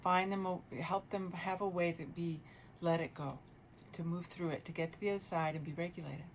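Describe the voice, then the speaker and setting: A lower-pitched woman talks through parenting advice on a radio show, earnest and reflective, pausing and restarting as she thinks. Recorded in a radio studio with a faint hiss underneath. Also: fairly even intonation.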